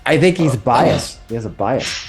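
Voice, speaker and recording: A man's voice: mid-range voice, lively intonation, a little slow, gravelly, faint music behind. A man running a tabletop game as game master, narrating in a rambling way and often correcting himself.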